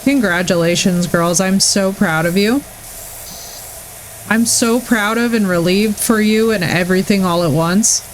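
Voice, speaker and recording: Gushing, excitable woman streamer. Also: medium pitch, measured pace, a little hiss or hum, poor audio. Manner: gushing, effusive and excitable, talking to chat. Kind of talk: casual live-stream chat.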